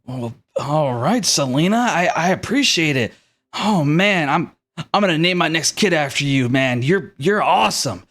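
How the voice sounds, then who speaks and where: Man doing a young male bandit, high squeaky voice, brash, slangy, eager, tabletop game. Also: normal speed. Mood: grateful. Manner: excited, street-slang chatter. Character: cocky young male bandit, loud and friendly.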